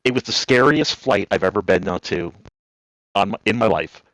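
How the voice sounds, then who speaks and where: Rambling Jersey man, deep dry voice. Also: moderate pace, no room sound, rough recording. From New Jersey. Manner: rambling, animated, acts out voices in anecdotes. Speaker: caller. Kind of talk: casual storytelling on a call.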